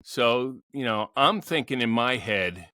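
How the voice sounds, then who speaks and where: A man's voice: medium pitch, lively intonation, a little slow, sharp tone, dry recording, studio quality. Wry middle-aged man telling his story. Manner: candid, wry, laughs while telling. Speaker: guest. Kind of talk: personal storytelling in a podcast interview.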